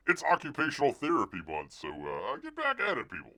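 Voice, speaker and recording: A man's voice: low-pitched, huge pitch swings, moderate pace, sharp tone, no room sound. A man hosting a live stream, chatting casually and jokingly about pictures on screen, sometimes calling himself in the third person. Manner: jokey, rambling, calls himself Bear in third person. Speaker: live-stream show host.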